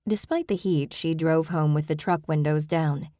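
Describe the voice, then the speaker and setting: A woman reads a cozy mystery audiobook in an even, measured way. Her voice sits low and mellow. The recording is dry and close. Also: no echo. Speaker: audiobook narrator. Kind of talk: scripted narration.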